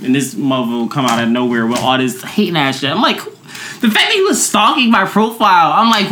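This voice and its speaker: A young woman with a bright, clear voice tells a story in a casual chat. She acts out every quote with animated swings of pitch and laughs often between lines. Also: fairly quick, slight background noise. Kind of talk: casual chat, retelling a dating-app exchange.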